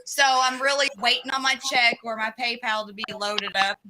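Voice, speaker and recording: A woman with a fairly high voice tells a long personal story in an easy, chatty way. Steady background noise sits behind her. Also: normal speed. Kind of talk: casual chat.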